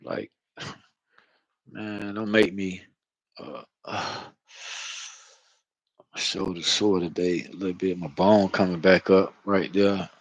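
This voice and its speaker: A man's voice: deep voice, fairly even intonation, takes it slowly, long pauses, breathy edge, no echo, lo-fi sound. A man talking casually into his own vlog, rambling and profane, often asking "you know what I mean". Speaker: channel host. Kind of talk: casual spiritual vlog monologue.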